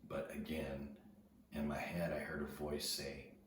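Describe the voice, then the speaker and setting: A man telling a personal story to his viewers in an earnest, casual way, often dropping to a hushed near-whisper and repeating words as he goes. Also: rumbling low, monotone, a little slow. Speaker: video host. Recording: very echoey, distant from the mic, noisy ambience.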